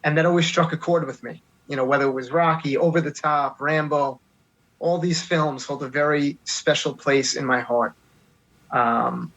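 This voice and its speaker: An earnest man in his thirties with a New York accent tells his story as an interview guest. His voice sits a touch high, and he talks steadily and from the heart. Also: fairly even intonation, moderate pace, fairly bright tone, highs cut off. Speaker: guest, teacher and filmmaker.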